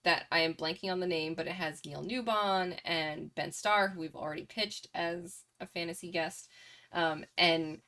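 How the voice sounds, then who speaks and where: A woman's voice: lowish voice, normal speed, sharp tone. A woman co-hosting a casual gaming podcast, easygoing, often answering with short agreeing replies. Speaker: podcast co-host. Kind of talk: casual chat.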